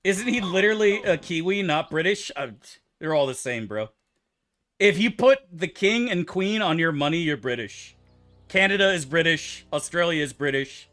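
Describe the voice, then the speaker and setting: A man's voice: a little high, lively intonation, moderate pace, a bit bright, faint music behind. A man streaming a game, answering his chat in loose, profane, rambling banter. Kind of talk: casual livestream chat, answering chat.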